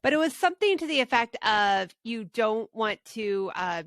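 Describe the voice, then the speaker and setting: A woman co-hosting a parenting podcast, telling stories in an animated, self-mocking way. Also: fairly high pitch, moderate pace, no echo, studio quality. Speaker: podcast co-host. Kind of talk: casual podcast storytelling.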